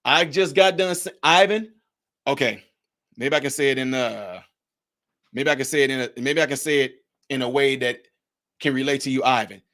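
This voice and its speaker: A man's voice: mid-range voice, normal speed, long pauses, pushed and bright. A man hosting a political commentary livestream, talking emphatically and repeating himself as he answers his chat directly. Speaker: livestream host.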